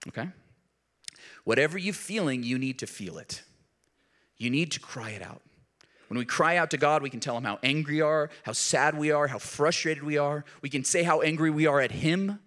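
A man preaching a sermon in a conversational, earnest way, dropping low and soft at key points and rising when he pleads. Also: moderate pace. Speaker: pastor.

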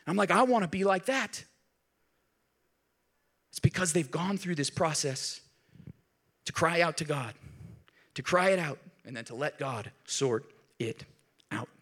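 A middle-aged man, a pastor, preaching a sermon in an animated storytelling way, rising to loud emphasis and dropping to quiet. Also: on the high side, a little slow, pauses often, slightly rough.

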